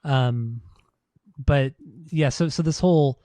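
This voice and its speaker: A man co-hosting a casual podcast chat, relaxed and rambling with lots of fillers. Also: medium pitch, takes it slowly, dry recording. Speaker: podcast co-host.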